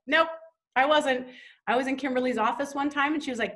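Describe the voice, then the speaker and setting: High-voiced gushing motivational woman. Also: fast, a bit bright. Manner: enthusiastic and gushing. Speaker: host of a sales team call. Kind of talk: motivational group call.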